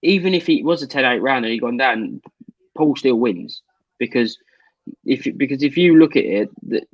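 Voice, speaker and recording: A man's voice: medium pitch, expressive, moderate pace, dry recording. A British co-host who pushes back in a casual debate but stumbles over his words. His voice sounds dry and a little muffled. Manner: hesitant, stammers when pressed. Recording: dull dry mic.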